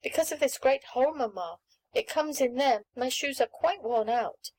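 A woman voicing an eager little girl of about seven who pleads for pretty things, speaking high and excited. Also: moderate pace, low-quality recording.

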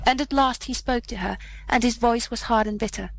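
Woman narrator, fairy-tale reading, measured, old-fashioned, somewhat high voice. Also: gravelly, a little hiss or hum, low-quality recording.

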